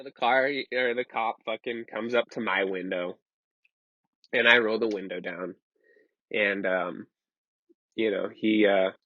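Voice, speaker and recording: Husky young man rambling through a story. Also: medium pitch, pushed and bright, no echo. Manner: rambling, profane, says "dude" a lot. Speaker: vlogger. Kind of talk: casual storytelling. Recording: slightly muffled lo-fi recording.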